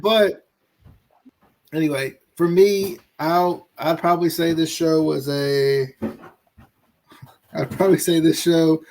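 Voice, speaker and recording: A man's voice: a little high, steady tone, slow, pauses often, darkish tone, a little hiss or hum. A man co-hosting a wrestling podcast in casual chat, often stammering and repeating words as he talks. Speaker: podcast co-host.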